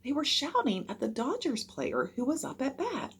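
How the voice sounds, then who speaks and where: A woman reading a children's chapter book aloud with expressive narration. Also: high voice, normal speed, slightly rough.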